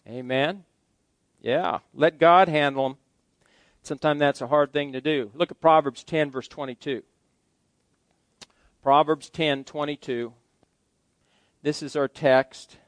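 A man's voice: fairly high pitch, steady tone, a little slow, pauses often, no room sound. A middle-aged male pastor preaching a sermon in a folksy way, joking with his congregation between points.

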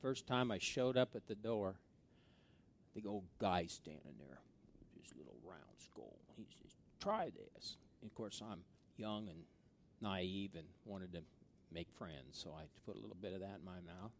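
A middle-aged pastor preaching a sermon and telling stories from his youth, swinging between hushed asides and loud, excited stretches. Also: low-pitched, normal speed, a little hiss or hum.

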